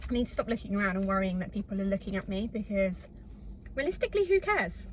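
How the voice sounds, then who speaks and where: A woman from England, chatting and rambling to camera in a casual vlog from her car, self-deprecating and lively. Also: medium pitch, quick pace, slight background noise, rough recording. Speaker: vlogger. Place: in her car in a retail park.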